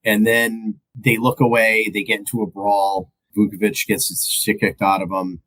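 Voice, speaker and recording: A man on a pop culture podcast walks through a movie's plot in a loose, conversational way. His voice sits on the low side, and he laughs as he retells the scenes. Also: level tone, normal speed, a bit bright, rough recording. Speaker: podcast co-host. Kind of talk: casual movie recap chat.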